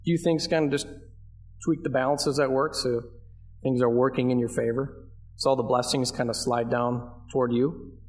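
A man's voice: mid-range voice, steady tone, normal speed. Conversational man preaching a sermon. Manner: conversational, asks the congregation questions; emphatic, leans on key phrases. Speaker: pastor.

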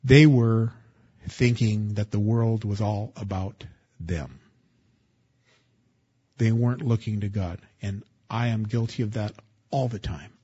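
A man, a pastor, preaching a sermon in an earnest way, going from hushed to loud and emphatic. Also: fairly low pitch, slow pace, pauses often, breathy edge, muffled recording. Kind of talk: sermon with scripture reading.

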